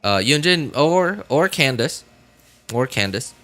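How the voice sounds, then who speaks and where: A man's voice: mid-range voice, very animated, slow pace, fairly bright tone. A man streaming a game, chatting casually and rambling, with many fillers, restarts and self-corrections. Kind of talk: casual live-stream chat.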